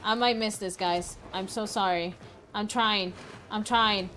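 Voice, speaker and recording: Excitable, foul-mouthed woman livestreamer. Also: medium pitch, measured pace, slight background noise. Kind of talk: casual gaming livestream chat.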